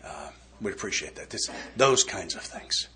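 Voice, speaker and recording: A man's voice: deep voice, animated, normal speed, sharp tone, a little hiss or hum. A man giving a recovery step study talk, folksy and joking in a conversational way. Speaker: workshop speaker.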